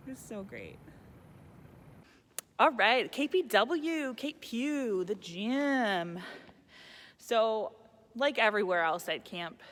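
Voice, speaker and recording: Woman telling camp stories, giggly and chatty, lots of likes, mid pitch. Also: fairly bright tone. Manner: laughs often, chatty with many likes. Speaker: camp staff member giving a tribute. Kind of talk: casual heartfelt reminiscing.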